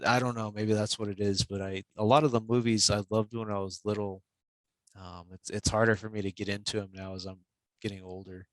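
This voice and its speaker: A man's voice: on the low side, little pitch movement, brisk, dry recording, low-quality recording. A man being interviewed as an author, easygoing and chatty, full of "you know"s. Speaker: author guest. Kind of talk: casual interview chat.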